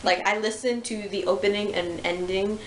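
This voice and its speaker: A young woman hosting a casual chat, animated and acting out characters' lines. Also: mid-range voice, moderate pace. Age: young adult. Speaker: channel host. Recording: echoey room with faint noise.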